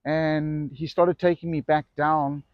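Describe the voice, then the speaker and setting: A middle-aged man who runs an e-bike shop tells a personal story casually to camera, rambling, correcting himself, and acting out quotes. His voice is on the high side, level and slow, with no echo and the highs cut off.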